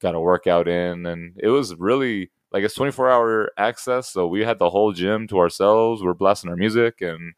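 A young man co-hosting a podcast in casual chat, telling animated stories and acting out the people he quotes. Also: low voice, normal speed, hardly any pauses, smooth, no echo, clean studio sound. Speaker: podcast co-host.

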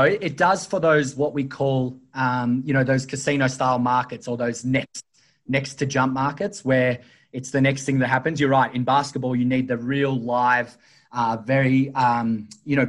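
A man speaks as a podcast guest, holding his pitch level as he explains. He leans on fillers and restarts, circling back to his point. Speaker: sportsbook executive guest. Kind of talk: podcast interview.

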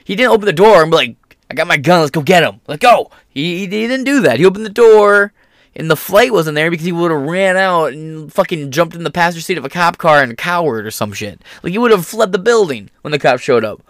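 A man with a somewhat high voice, swearing freely and dripping with sarcasm as he rants through the news. He keeps jumping into mocking impressions of the people he talks about. The sound is close and dry, with no room around it. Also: lively intonation, brisk, no echo. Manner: profane, sarcastic, mocks people in put-on voices. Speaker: political commentary host. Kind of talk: casual ranting commentary.

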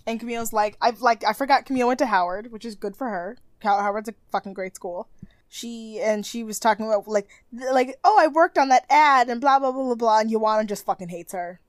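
A woman's voice: a little high, fairly quick, no echo. Young woman podcast co-host, chatty and filler-heavy, dry close sound. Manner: chatty, lots of "like", laughs often. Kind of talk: casual chat recapping a TV show.

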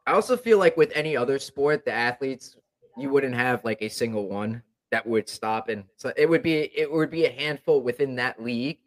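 A man's voice: medium pitch, expressive, normal speed. A young man chatting casually as a hockey fan, rambling with lots of fillers. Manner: rambling, many fillers and restarts. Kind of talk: casual chat.

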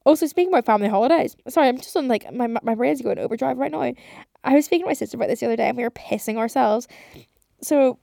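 A woman's voice: a little high, quick pace, gravelly, mellow, dry recording, studio quality. A woman in her twenties hosting a casual solo podcast, rambling and chatty, swearing often and saying "like" constantly. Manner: rambling, chatty, swears a lot, heavy use of like. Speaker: podcast host.

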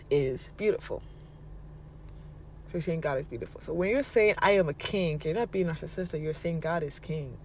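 A woman's voice: low voice, a little mellow, slight background noise. A woman giving casual motivational advice, playful and laughing often, slipping into mocking voices and casual swearing. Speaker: vlogger giving manifestation advice.

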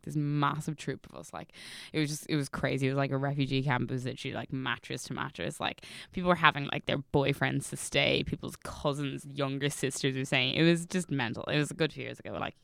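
An Irish woman in her twenties chatting on a podcast, quick and full of "like" fillers. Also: deep voice, vocal fry, smooth, no echo, studio quality. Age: 20s. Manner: chatty, quick, lots of "like", laughs. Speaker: podcast co-host. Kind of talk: casual chat.

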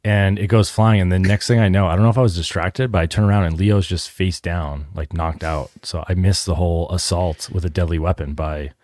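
A man's voice: low voice, steady tone, a little fast, few pauses, darkish tone, no echo, studio quality. A man co-hosting a podcast, chatting casually with many filler words. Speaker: podcast co-host. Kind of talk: casual chat.

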